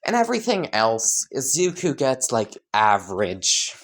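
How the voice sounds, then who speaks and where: Very low-voiced woman, rambling storyteller. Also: sing-song, a little slow. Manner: rambling, laughing and swearing freely. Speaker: fan-story narrator. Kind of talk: casual storytelling.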